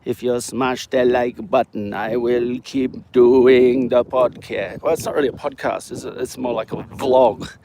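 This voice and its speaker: Slow-talking Australian man vlogging outdoors. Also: mid-range voice, noisy background. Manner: rambling, jokey, talks to viewers. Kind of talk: rambling walk-and-talk live stream.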